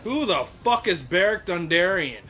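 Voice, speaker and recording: Fired-up swearing young man, higher voice. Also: sing-song, moderate pace, bright, forceful tone, faint music behind. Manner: heated, profane, ranting. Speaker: podcast co-host. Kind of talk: casual chat recapping a TV episode.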